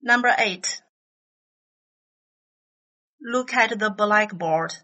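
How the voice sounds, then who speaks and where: A woman reading numbered items from an English listening test, each phrase slow, carefully spaced and evenly paced. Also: mid-range voice, bright, forceful tone, muffled recording.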